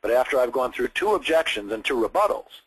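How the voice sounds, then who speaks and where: Male sales trainer, husky, direct, explains step by step, broadcast feel. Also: mid-range voice, sing-song, a little fast, rough recording. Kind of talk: coaching session on phone scripts.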